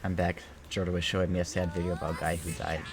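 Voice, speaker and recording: A man's voice: low voice, little pitch movement, fast talker. A young man from Illinois with a Midwestern, Ohio-leaning accent, chatting casually as a game streamer, rambling with lots of filler words. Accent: Midwestern American, Ohio-leaning. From Illinois, USA. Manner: rambling, filler-heavy, easygoing. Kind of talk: casual chat while streaming.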